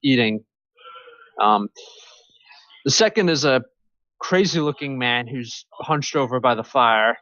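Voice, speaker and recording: A man running a tabletop role-playing game as game master, describing scenes with many pauses and fillers. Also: mid-range voice, a bit bright, dry recording, muffled recording. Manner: hesitant, many ums and restarts. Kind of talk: narrating a tabletop game over voice chat.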